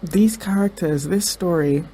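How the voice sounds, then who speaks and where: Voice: medium pitch, measured pace, mellow, a little hiss or hum. A show reaction vlogger in casual commentary, crying through it and talking emotionally, with stammers and restarted sentences.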